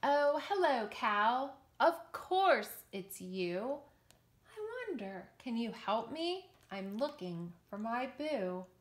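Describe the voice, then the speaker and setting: A sweet, timid little girl ghost, put on by a woman in a storybook reading. Her soft, childlike voice climbs high and dips low as she asks for help. She speaks slowly, gently. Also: big pitch swings. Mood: pleading.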